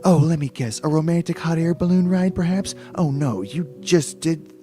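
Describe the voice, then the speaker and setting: A man's voice: normal speed, warm tone, soft background music, lightly acted. A man doing a bubbly teasing young woman. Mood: playful teasing. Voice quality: high put-on girlish voice. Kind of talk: comic novel reading impression.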